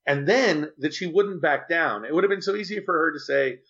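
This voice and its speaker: A man's voice: fairly high pitch, a little fast, a bit bright, lo-fi sound. A man being interviewed, telling a personal story in an earnest, chatty and rambling way. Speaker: interview guest.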